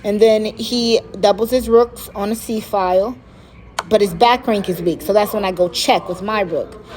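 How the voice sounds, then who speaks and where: A woman talking casually through one of her own chess games, excited and repeating herself for emphasis. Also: medium pitch, moderate pace. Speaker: chess player. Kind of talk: casual chess vlog commentary.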